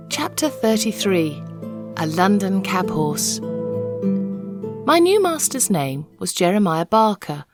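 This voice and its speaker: A woman reading a children's novel aloud, an expressive, measured storyteller. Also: medium pitch. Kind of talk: expressive read-aloud narration.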